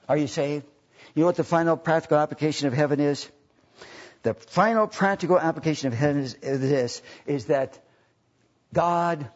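A man preaching an evangelistic sermon in a church service, rising to loud impassioned preaching and softening into prayer and an altar call. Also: fairly high pitch, slightly rough. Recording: muffled, lo-fi church recording.

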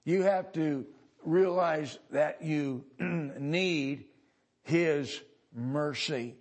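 A male pastor from the United States preaching a sermon, halting and pausing often with many fillers, building to louder emphatic stretches. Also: on the high side.

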